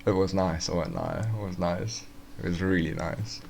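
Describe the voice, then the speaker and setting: A man's voice: low voice, fairly even intonation, normal speed, gravelly, a little mellow, a little hiss or hum. A man casually walking through forex charts on a live stream, thinking aloud with fillers and restarts.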